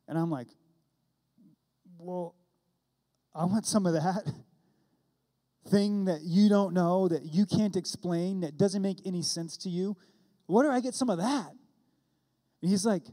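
A man's voice: high-pitched, slow, pauses often, warm tone. A man in his forties preaching a sermon, telling a story and acting out both sides of the dialogue. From California. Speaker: pastor. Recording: long hall reverb.

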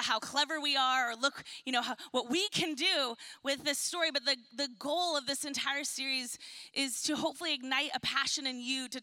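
A woman pastor delivers a sermon in a high, bright voice. The sound is close and dry. She tells stories with humor and reads scripture in a soft, slow tone. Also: smooth, no echo. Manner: storytelling with laughs and acted-out quotes; reads scripture softly and slowly.

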